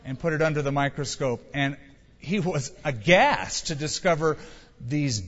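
A man's voice: fairly high pitch, measured pace, a bit bright. A male pastor preaching a sermon in a conversational storytelling way, asking rhetorical questions, in a church. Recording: reverberant church hall, dull sound.

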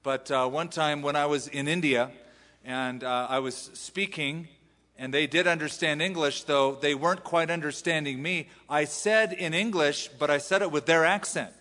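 A man's voice: fairly high pitch, moderate pace, sharp tone, long reverb tail. A man from the US West Coast with an American accent, preaching a sermon in a conversational, self-deprecating way. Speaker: pastor. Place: large church hall.

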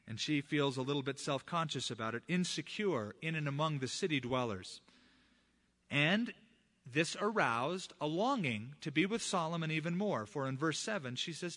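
Male pastor, middle-aged, conversational sermon delivery, bright and slightly high. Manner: conversational, animated storytelling.

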